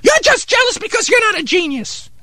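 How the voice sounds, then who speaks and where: A performer voicing Harry, an eccentric, excitable male music snob who talks in a pompous, condescending way in a comedy radio sketch. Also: very high-pitched, brisk, dry recording, heavily acted. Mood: snobbish. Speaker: regular sidekick character.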